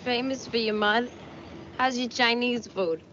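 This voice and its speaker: A woman's voice: a little high, a little slow, highs cut off, background noise, close to an everyday voice. A woman playing a brassy Brooklyn city woman. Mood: teasing. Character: sassy big-city woman, blunt, teasing.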